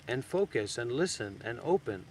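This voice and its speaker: A man giving a meditation talk as a teacher, blunt and teasing, swinging from soft and slow to sudden loud bursts. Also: mid-range voice, very animated, slight background noise. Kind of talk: dharma talk. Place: outdoors in a graveyard.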